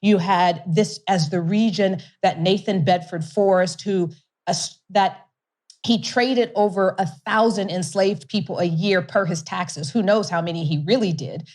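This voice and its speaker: Animated woman telling a story. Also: medium pitch, unhurried. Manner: animated storyteller who laughs often and repeats words for emphasis. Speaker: guest, company CEO. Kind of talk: conversational storytelling interview.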